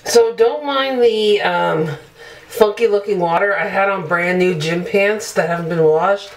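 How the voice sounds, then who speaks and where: A woman's voice: medium pitch, measured pace, low-quality recording. A woman beauty vlogger chatting casually through a product demo in her bathroom, upbeat and loose with fillers.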